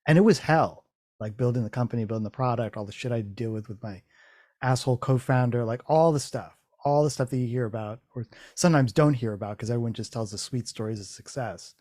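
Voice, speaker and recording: A man's voice: medium pitch, fast talker, darkish tone, no room sound, studio quality. A man hosting a casual chat, telling a rambling story full of restarts and swearing, acting out his own thoughts in quotes. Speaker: podcast host.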